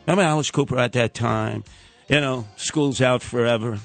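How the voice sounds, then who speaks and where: A man tells a radio story in a big theatrical way. His voice swoops up and down as he takes on the people in the tale. A faint music bed plays under him. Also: normal speed. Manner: bombastic, theatrical, acts out quoted voices with big pitch jumps. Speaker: radio talk show host.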